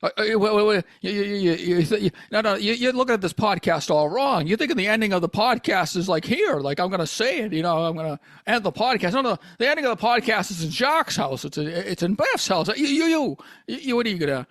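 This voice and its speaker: A man's voice: high-pitched, animated, a little fast, hardly any pauses, fairly bright tone, no echo, studio quality. A man doing a comedic impression of a stammering, folksy old-time film leading man, drawling and pleading.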